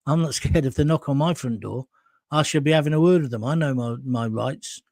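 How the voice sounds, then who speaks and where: With a mid-range, slightly mellow voice and a slightly fast pace, a man hosts a live current-affairs stream in a dry, clean studio recording. He reads viewer comments aloud and responds in a blunt, emphatic, opinionated way, with mild swearing, sounding hot and sweaty.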